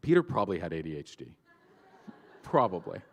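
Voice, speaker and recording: A man's voice: low-pitched, sing-song, a little fast. Man preaching in a reverberant hall. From Georgia, US. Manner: casual, storytelling, filler-heavy. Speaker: pastor. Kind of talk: sermon. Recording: long church-hall reverb.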